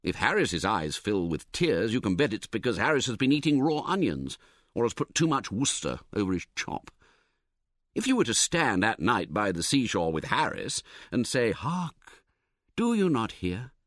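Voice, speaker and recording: A man narrating a comic novel as an audiobook, in a wry, expressive, theatrical manner. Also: lowish voice, normal speed, no room sound, studio quality.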